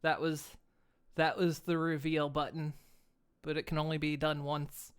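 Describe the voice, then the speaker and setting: A woman's voice: low-pitched, little pitch movement, unhurried, smooth. A woman streaming live, chatting casually and playfully, laughing often and hamming up her expressions. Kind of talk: casual livestream chat.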